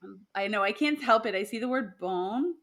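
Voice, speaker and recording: A woman talks through old legends in a loose, casual podcast chat, with plenty of ums, restarts and quick laughs. Her voice sits at an ordinary middle pitch. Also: a bit bright. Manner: chatty, laughs often, many fillers and restarts. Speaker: podcast co-host sharing myths.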